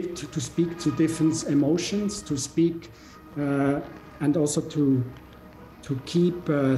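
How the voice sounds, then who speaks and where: A man lectures very slowly in a mellow voice, stopping often on filler sounds as he gathers his thoughts. His voice rings around an echoey lecture room, with faint music underneath. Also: on the high side. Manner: halting, with frequent filler pauses. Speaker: guest lecturer. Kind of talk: university lecture.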